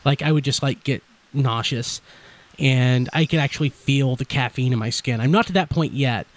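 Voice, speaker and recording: A man hosting a podcast in casual chat, talking fast and blurring his words together, wide awake and energized. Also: medium pitch. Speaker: podcast host.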